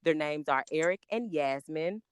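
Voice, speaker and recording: A woman, chatting as a guest on a podcast, excitable and talkative, spelling out names letter by letter. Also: low-pitched, normal speed, clear, resonant tone. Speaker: podcast guest, makeup artist. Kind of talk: casual podcast chat.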